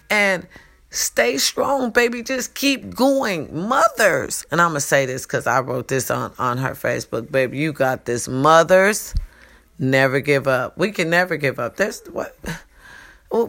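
A woman's voice: mid-range voice, gravelly, a bit bright. A woman hosting her own talk show, speaking casually and animatedly to her listeners, swearing freely and calling them y'all and baby. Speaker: podcast host.

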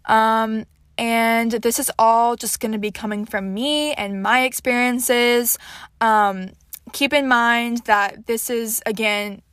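A woman's voice: on the high side, steady tone, takes it slowly, a bit bright, clean tone, no room sound, clean studio sound. A nineteen-year-old woman from Houston hosting her podcast in a casual, scatterbrained chat with lots of fillers. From Houston, Texas. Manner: chatty and scatterbrained, many fillers. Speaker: podcast host.

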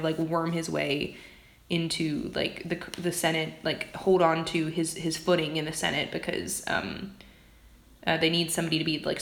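A woman with a slightly low voice reviews a book in an unscripted ramble. She hedges and restarts constantly with fillers and drops the odd swear word. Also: echoey room. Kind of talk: casual vlog rant.

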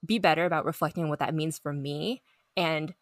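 A woman's voice: low voice, steady tone, fairly quick, no echo, studio quality. A young woman chatting on a group podcast, reflective and full of "like"s. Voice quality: reflective, filler-heavy talk with many "like"s. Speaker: podcast co-host. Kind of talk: casual group chat.

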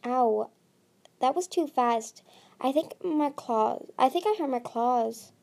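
A woman's voice: high voice, takes it slowly, gravelly, a little mellow, full character voice. A woman reading aloud, voicing a tiny, whining young dragon princess. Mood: whiny.

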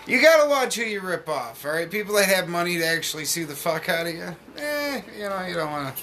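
A man's voice: sits high, big pitch swings, quick pace, sharp tone, slight background noise. A man hosting a podcast in loose, profane casual chat, laughing often. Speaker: podcast host.

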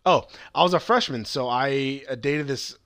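A man in his thirties, co-hosting a podcast, recapping an episode in casual, animated chat and swearing freely. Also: medium pitch, normal speed, dry recording. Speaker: podcast co-host.

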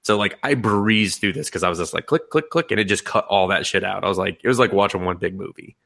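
A young man co-hosting a podcast in casual chat, rambling and animated, laughing often and swearing freely. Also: low-pitched, fast, vocal fry. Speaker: podcast co-host.

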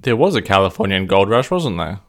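A man co-hosting a podcast, asking curious questions and laughing easily in a casual chat. His voice sits fairly low. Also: sing-song, brisk. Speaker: podcast co-host.

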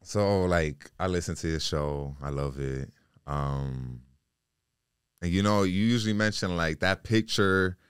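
A young man as a podcast guest in casual interview chat, loose and animated with lots of "like". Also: deep voice, unhurried, clear, resonant tone, dry recording, clean studio sound. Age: young adult.

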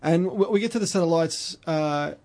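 A man's voice: a little high, moderate pace, darkish tone. An Australian man hosting a podcast, telling long rambling stories in casual chat with lots of restarts. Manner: rambling storyteller with many restarts. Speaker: podcast host.

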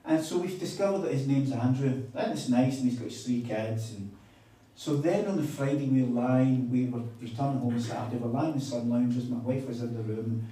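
Male preacher, mid pitch, animated storytelling, big echoing room, distant mic. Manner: animated, chatty storytelling with quoted dialogue. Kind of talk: sermon with storytelling. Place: conference hall on a weekend retreat. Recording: echoey hall, mic at a distance.

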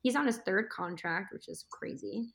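A woman's voice: mid-range voice, normal speed, gravelly. Chatty young woman, podcast guest. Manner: chatty, warm and laughing often. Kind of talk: casual interview chat.

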